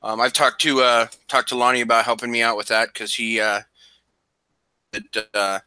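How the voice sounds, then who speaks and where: Casting: man, YouTube reseller, bright voice, hesitant filler-heavy delivery, dry close sound. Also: mid-range voice, level tone, clear, resonant tone, dry recording. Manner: halting, many fillers and restarts. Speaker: YouTube reseller, live streamer. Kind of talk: casual panel chat.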